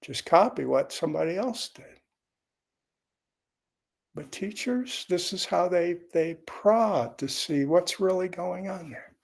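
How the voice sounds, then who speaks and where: Slow, gravelly man giving a dharma talk. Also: high-pitched. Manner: unhurried, conversational, with wry asides. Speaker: Zen teacher.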